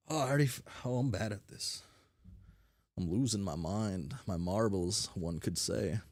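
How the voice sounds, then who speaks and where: A man reading a webcomic aloud with commentary, halting and repeating words, muttering and correcting himself as he goes. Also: huge pitch swings, creaky, no room sound, studio quality. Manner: mutters and self-corrects in a low voice. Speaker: read-along host.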